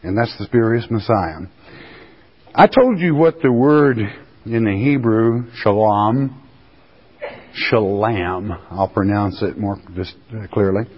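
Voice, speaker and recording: Slow, husky-voiced folksy preacher. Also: male voice, mid-range voice. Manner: folksy, drawn-out emphatic reading of scripture. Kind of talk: sermon. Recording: dull recording in a reverberant hall.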